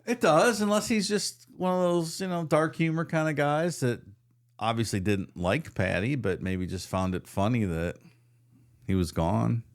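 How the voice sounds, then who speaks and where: A male podcast co-host with a gravelly, creaky voice, talking in a relaxed, wry way. He sits at an average pitch for a man and chats casually with his co-hosts. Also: a little slow.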